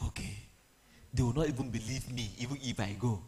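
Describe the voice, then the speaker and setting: A man, retelling a Bible story in a humorous, animated sermon with pidgin asides. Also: medium pitch, a little fast. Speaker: preacher.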